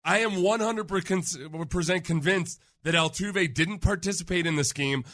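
A male sports radio co-host with a slightly raised pitch and a bright, ringing tone. He talks in a casual, emphatic way and hammers his opinions home with repetition. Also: measured pace. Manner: emphatic, animated, repeats himself for stress.

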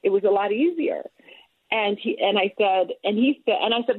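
A woman's voice: mid-range voice, animated, moderate pace, breathy edge, dry recording. A woman guest being interviewed, telling her story in an earnest, emphatic way. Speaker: guest, author and former politician. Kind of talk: conversational interview. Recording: tinny phone line.

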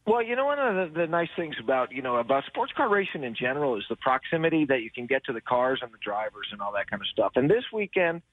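A race driver calling in to a radio show, talking with lots of energy and stumbling through many fillers and restarts. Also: male voice, mid-range voice, sing-song, quick pace, hardly any pauses, no room sound. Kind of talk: phone interview. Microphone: phone. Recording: narrow phone line.

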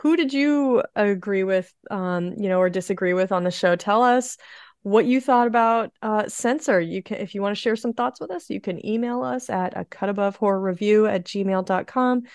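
A woman's voice: mid-range voice, normal speed, darkish tone, clear, resonant tone, dry recording. A chatty woman podcast host, dry sound. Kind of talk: casual podcast chat.

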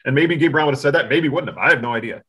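A man's voice: mid-range voice, rapid-fire, a bit bright, husky. A man co-hosting a sports talk show, rambling casually and often restarting his sentences. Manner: rambling, self-interrupting. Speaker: sports podcast co-host.

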